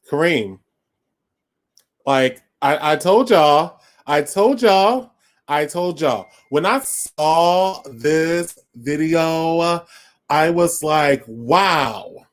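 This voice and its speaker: A man's voice: fairly high pitch, very slow, pauses often. A man hosting a festival livestream, talking casually in a gushing, campy way and repeating himself for emphasis. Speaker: festival stream host.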